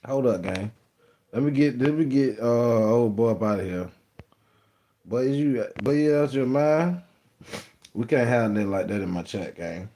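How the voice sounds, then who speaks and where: A man's voice: medium pitch, a little mellow. A man hosting a live stream, chatting casually and repetitively with his viewers, teasing commenters and calling them "gang", recorded on a phone. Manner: loose, repetitive, addresses chat as "gang". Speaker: livestream host.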